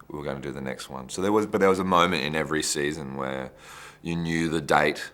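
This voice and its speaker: Brief: very low-voiced man, interview, loose anecdotal delivery. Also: quick pace, a bit bright. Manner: chatty, anecdotal, restarts phrases. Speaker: actor interviewee. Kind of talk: behind-the-scenes interview.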